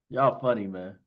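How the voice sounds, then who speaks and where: A man hosting a casual livestream, talking excitedly in quick bursts and often asking "you know what I mean". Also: medium pitch, husky, phone-quality sound. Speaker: livestream host thanking investors.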